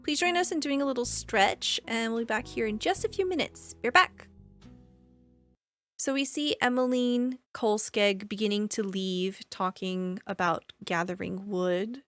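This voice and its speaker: A woman running a tabletop game as game master, narrating in a calm, measured way. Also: a little high, soft background music.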